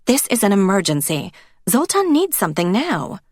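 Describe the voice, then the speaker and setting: A woman voicing Elsa, an eager, sympathetic young wife who pitches her voice up in excitement. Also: normal speed, no echo, clean studio sound. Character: bubbly caring young vampire wife.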